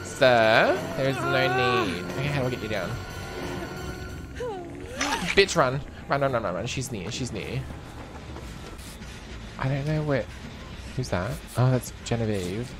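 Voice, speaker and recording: A man's voice: medium pitch, very animated, unhurried, pauses often, music in the background. A young man playing a video game and commenting as he goes, camp and sassy, swearing freely and breaking into shrieks and laughter. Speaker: gaming streamer. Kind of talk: live gameplay commentary.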